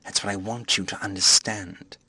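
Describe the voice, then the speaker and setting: A man voicing a tense, impatient invisible man who speaks low, quiet and clipped, with strained self-control. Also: little pitch movement, normal speed, slightly rough, heavily acted. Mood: cold.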